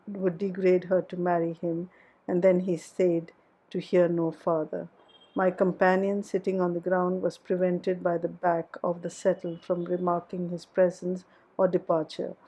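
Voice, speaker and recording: A woman narrating a classic novel as an audiobook, in a calm, measured way. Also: lowish voice, breathy edge, rough recording.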